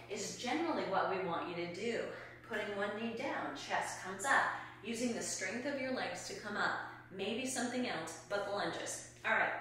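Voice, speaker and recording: A woman in her fifties talks a viewer through strength exercises while she demonstrates them, her tone bright and forceful. She is picked up by a camera set back from her, and a strongly echoing room rings around her voice. A faint hum sits underneath. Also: medium pitch. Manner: demonstrating exercises while talking, a little out of breath. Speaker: fitness coach. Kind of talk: instructional exercise video. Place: room at home. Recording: echoey room from far off.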